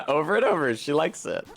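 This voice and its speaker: A man's voice: a little high, big pitch swings, normal speed, gravelly. A man giving casual, wry commentary as he streams a video game, swearing freely and chatting with his viewers. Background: game music.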